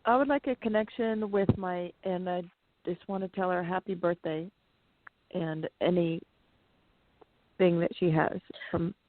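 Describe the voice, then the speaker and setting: California woman calling in, slow short answers, laughs a lot, phone sound. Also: lowish voice, steady tone, dry recording. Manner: slow, brief replies, laughs often. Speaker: caller. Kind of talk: phone call to a radio show. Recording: dry phone line.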